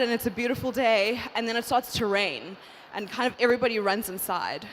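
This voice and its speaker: A woman's voice: a little high, lively intonation, a little fast, a little hiss or hum. A woman giving a heartfelt address at a church women's conference, effusive and emotional, repeating phrases for emphasis.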